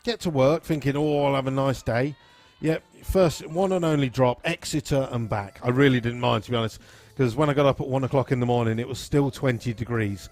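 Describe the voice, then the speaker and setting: A man, hosting a live stream in an easygoing, rambling way and reading out viewer comments and shout-outs. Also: mid-range voice, brisk. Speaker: live-stream host at a drag racing venue.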